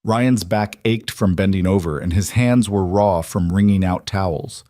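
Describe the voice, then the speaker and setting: Low-voiced male story narrator. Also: dry recording, clean studio sound. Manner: even, measured storytelling. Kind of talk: scripted narration.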